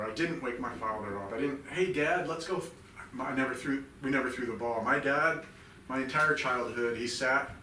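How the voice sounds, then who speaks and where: Veteran man, 50s, raw and profane storyteller, bright edge, roomy distant mic. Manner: intense and profane, swinging between low murmurs and loud outbursts. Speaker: podcast guest, military veteran. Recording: roomy sound from a distance, faint background hum.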